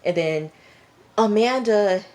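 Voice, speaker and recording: A woman's voice: medium pitch, takes it slowly, a little mellow. A woman vlogger casually recapping a TV episode, chatty and blunt, with lots of "like". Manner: chatty and blunt, heavy use of "like". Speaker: TV review vlogger.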